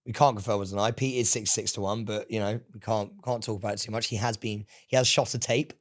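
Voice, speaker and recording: A British man co-hosting a podcast in casual chat, excitable and swearing freely, with loud outbursts. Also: on the low side, fast talker. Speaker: podcast co-host.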